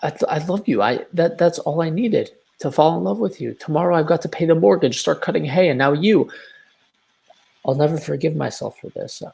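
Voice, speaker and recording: An actor reading a blustering lovesick landowner in a live video-call play reading, stammering through impassioned declarations. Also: male voice, on the high side, lively intonation, brisk, creaky, dark tone. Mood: exasperated.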